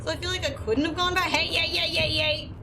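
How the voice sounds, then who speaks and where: Crude, high-voiced woman streaming a game. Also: fairly even intonation, a little fast, gravelly, bright, forceful tone, slight background noise, poor audio. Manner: crude, self-mocking, sings silly made-up lines. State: stressed. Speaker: streamer playing a horror game. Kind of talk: live gameplay commentary.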